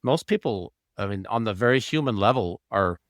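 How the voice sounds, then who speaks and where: A man's voice: fairly low pitch, expressive, moderate pace, no room sound, studio quality. A man hosting a podcast for doctors, responding conversationally and reflectively to his guest. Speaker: podcast host, physician. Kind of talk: conversational interview.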